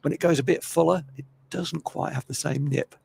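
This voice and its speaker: Gravelly older male cricket commentator. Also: a little high, fairly quick, a little mellow, slight background noise. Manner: chatty, opinionated, self-deprecating. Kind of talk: live sports commentary.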